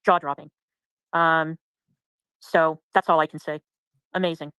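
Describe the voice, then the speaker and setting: A woman's voice: low voice, little pitch movement, a bit bright, smooth, no echo, low-quality recording. A woman on a livestream, speaking in an indignant tone. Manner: indignant, rapid. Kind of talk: casual livestream chat.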